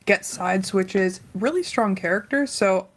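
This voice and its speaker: A woman's voice: mid-range voice, a little slow. A woman co-commentating a fighting game tournament, chatty and analytical with an easy laugh. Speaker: esports commentator.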